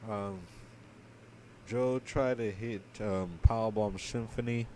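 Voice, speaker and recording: Sleepy, slow-talking low male voice. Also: warm tone, slight background noise. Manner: drowsy, low-key play-by-play with many fillers. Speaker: podcast co-host. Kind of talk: casual match recap.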